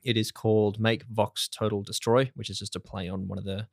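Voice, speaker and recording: A man's voice: lowish voice, little pitch movement, fairly quick, vocal fry, no room sound, studio quality. A man hosting a casual podcast chat, rambling and swearing with many fillers. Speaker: podcast host.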